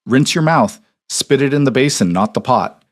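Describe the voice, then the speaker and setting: A man voicing a composed young duchess who speaks low, even and cold in a storybook reading. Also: normal speed, natural voice. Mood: calm.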